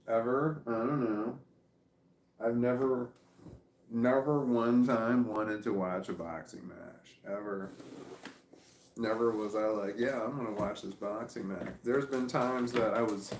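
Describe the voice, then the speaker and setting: A man's voice: medium pitch, steady tone, takes it slowly, long pauses, reverberant, a little hiss or hum. A sleepy man rambling chattily at home, talking casually to the camera. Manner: meandering, chatty, self-amused. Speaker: vlogger. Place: at home with his dog.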